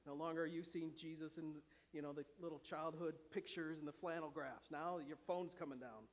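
High-voiced preacher in a reverberant church. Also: male voice, fairly even intonation, a little fast. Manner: impassioned preaching, swings from loud to hushed. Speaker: pastor. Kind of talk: sermon. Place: church sanctuary. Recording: long reverb of a church hall.

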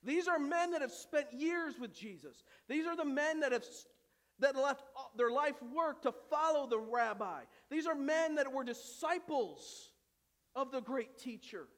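A male pastor preaching a dramatic sermon, dropping to a hush and rising to shouts, with humorous asides. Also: extremely high pitch, expressive, unhurried. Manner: dramatic, swings from hushed to shouting. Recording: long hall reverb.

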